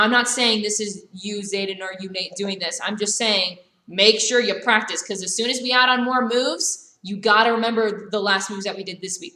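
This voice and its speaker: A woman teaching a live virtual karate class, calling out brisk commands and corrections to her students. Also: mid-range voice, sharp tone. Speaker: karate instructor. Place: karate studio, indoors. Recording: echoey room.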